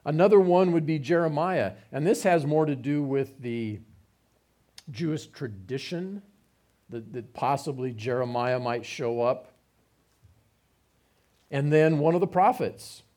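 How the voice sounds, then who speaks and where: A man's voice: on the high side, unhurried, long pauses, dark tone. A man giving a conversational Bible teaching, reading passages aloud and explaining them with informal asides.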